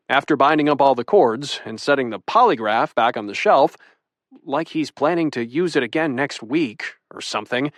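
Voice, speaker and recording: A man's voice: medium pitch, a bit bright, no echo. A young man narrating a romantic comedy audiobook in first person, wry and self-deprecating. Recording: dry studio booth.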